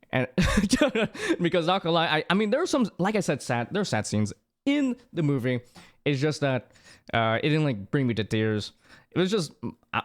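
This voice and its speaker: A young adult livestreamer chatting casually with viewers, rambling and excitable, with many restarts. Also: medium pitch. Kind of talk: casual chat with stream viewers.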